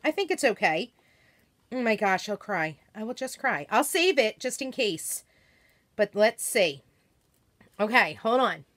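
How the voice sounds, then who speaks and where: A woman's voice: fairly high pitch, bright, forceful tone, no room sound. A woman hosting a craft product live stream, greeting viewers by name and chattering in a bubbly, gushing, scattered way.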